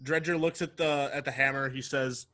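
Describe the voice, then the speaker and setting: A man plays his character at a tabletop game, describing each move with amusement. His voice is bright and clear at a middling pitch. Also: fairly even intonation, normal speed. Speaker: player. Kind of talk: casual game chat.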